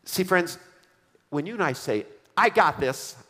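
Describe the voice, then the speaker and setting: A pastor preaches an emphatic sermon under long hall reverb, repeating his refrains and leading the congregation in reading aloud. His voice is on the high side, with lively intonation, a sharp tone, a breathy edge, and a slightly slow pace.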